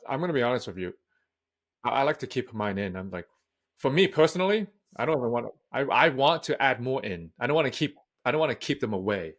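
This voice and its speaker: A man's voice: medium pitch, expressive, fast talker. A man who is a public speaking coach, speaking as a guest in a casual interview in a frank, direct way. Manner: frank, direct, matter-of-fact.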